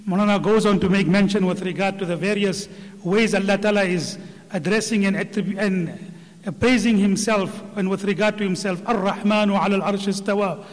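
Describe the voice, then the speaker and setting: A man's voice: sits high, steady tone, brisk, big-room sound. A man giving earnest religious commentary, reciting Arabic verses with emphasis. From Indian subcontinent. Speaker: religious speaker.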